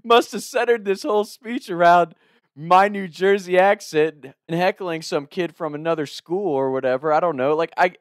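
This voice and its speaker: A man from Northern Kentucky tells a story in a relaxed, chatty way, breaking into laughter again and again. His voice sits a little high for a man and sounds close and dry. He swears casually as he talks. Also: normal speed, no echo. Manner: laughs often, loose and profane.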